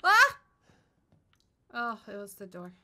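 A woman's voice: a little high, moderate pace, fairly bright tone. A young woman doing horror game commentary, scared and swearing as she talks herself through it. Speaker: gaming streamer.

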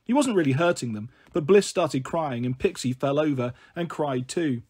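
A man reading a children's novel aloud as narrator, in a plain, steady storytelling manner. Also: on the high side, moderate pace, slightly rough.

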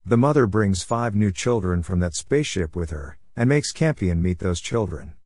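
Male recap narrator, lowish voice, steady and even, dry close sound. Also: normal speed, no room sound. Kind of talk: scripted plot narration.

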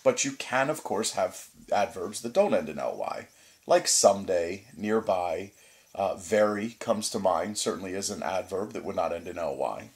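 Man, teacher, recorded grammar lesson, patient step-by-step explaining, fillers, low pitch, very animated. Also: moderate pace. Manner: frequent "certainly" and "uh" fillers.

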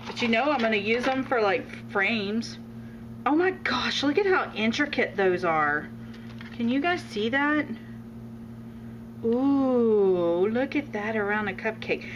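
A woman's voice: fairly high pitch, lively intonation, takes it slowly, lo-fi sound. A woman vlogging an unboxing of craft supplies, gushing and exclaiming with delight, gasping and laughing. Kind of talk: excited unboxing chat. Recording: noisy home recording.

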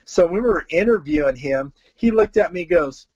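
Excitable man, husky voice. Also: high-pitched, moderate pace, dry recording, dull audio. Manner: excitable, stumbles and repeats words, laughs. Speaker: podcast host, guest. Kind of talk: casual chat.

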